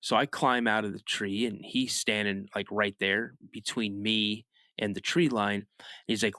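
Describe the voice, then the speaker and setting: A man who is a guest on a podcast, telling a personal story in a casual, animated way. He often restarts his sentences and adds "you know" asides. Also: on the low side, unhurried, no echo, studio quality. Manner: animated storyteller, rises sharply when acting out his younger self shouting.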